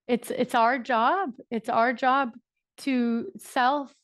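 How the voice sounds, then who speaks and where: Irish woman with a high voice leading a punchy motivational coaching session. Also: dry recording, studio quality. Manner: emphatic, repetitive, laughs often. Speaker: business coach.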